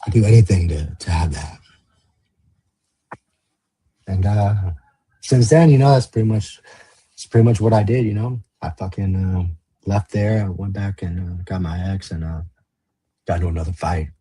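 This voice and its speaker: A man's voice: sits low, fairly even intonation, moderate pace, warm tone, slightly rough. A man telling his life story as a podcast guest, blunt and profane, acting out past conversations in quoted lines. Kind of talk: candid storytelling in a podcast interview.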